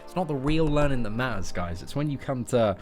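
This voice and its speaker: A young man with an English accent chats with his viewers while he games, joking and tossing out "mate" and "boys." His voice sits at an everyday middle pitch, and soft game music plays faintly underneath. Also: lively intonation, fairly quick. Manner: jokey, chatty, calls listeners mate and boys. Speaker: gaming streamer. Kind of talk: casual live-stream chat while gaming.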